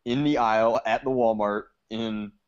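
A man on a podcast, telling his own story in a relaxed, casual way. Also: lowish voice, normal speed, smooth. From Georgia, US South. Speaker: podcast co-host. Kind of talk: casual chat. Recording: muffled lo-fi sound.

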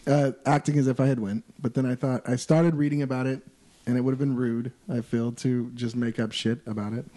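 Mellow-voiced man, laid-back co-host. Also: mid-range voice, flat delivery, fairly quick. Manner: laid-back, asks questions. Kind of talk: casual chat.

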